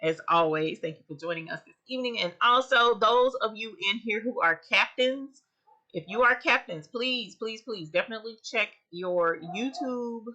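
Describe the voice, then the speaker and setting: A woman hosts a casual live chat for her viewers. Her voice is strikingly bright and sharp, and she speaks at a middle pitch. She talks expressively and warmly greets people by name as they join. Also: lo-fi sound. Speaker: livestream host of an embroidery channel.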